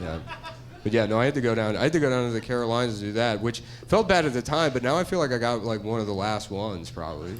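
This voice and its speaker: A middle-aged man doing a stand-up comedy set, rambling and deadpan, laughing at his own jokes. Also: mid-range voice, fast, background noise.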